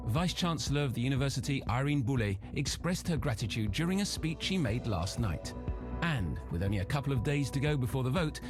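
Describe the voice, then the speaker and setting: Guy doing a game radio news anchor, smooth measured read, pitch bouncing around a lot, music under it. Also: natural voice. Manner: smooth, measured broadcast delivery. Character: calm male radio news anchor, adult. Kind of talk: scripted news reading.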